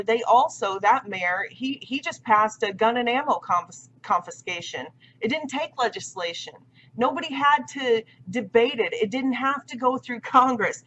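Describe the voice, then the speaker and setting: Talking to camera, a vlogger from the United States in her thirties speaks in a slightly high, fairly bright voice. Her casual monologue is insistent and emphatic, with points repeated often. The lo-fi recording sounds dull and carries slight background noise.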